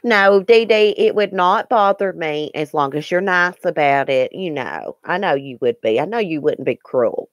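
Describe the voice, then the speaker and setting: A woman's voice: low voice, expressive, moderate pace, few pauses, dry recording, studio quality. A woman hosting a casual live stream, chatting earnestly with viewers and replying to their comments. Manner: chatty and earnest, with frequent ums and restarts. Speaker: YouTube live-stream host.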